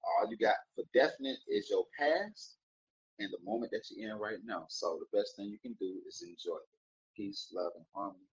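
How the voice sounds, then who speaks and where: A man's voice: fairly low pitch, normal speed. Playful joking man, slightly dull audio. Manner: playful, rambling, jokey with wordplay. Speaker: vlogger giving daily encouragement. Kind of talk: casual motivational talk to camera.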